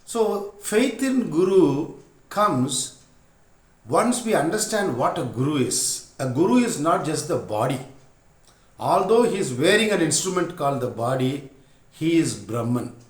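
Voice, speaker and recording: A man giving a spiritual discourse as a teacher. He tells stories in an unhurried way, with frequent pauses. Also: on the high side, big pitch swings. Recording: roomy echo.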